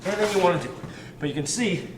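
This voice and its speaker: A man's voice: sits high, fast talker. Man coaching drills in a roomy gym. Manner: energetic, counts reps while exercising. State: out of breath at times. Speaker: fitness coach. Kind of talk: demonstrating warm-up drills. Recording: roomy, distant mic with ambient noise.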